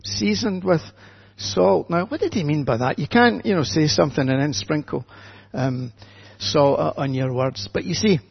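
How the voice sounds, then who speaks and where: An older man, a minister giving a gentle, chatty children's talk in church with light humour. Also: a little high, expressive, normal speed, creaky, slightly rough, dull audio.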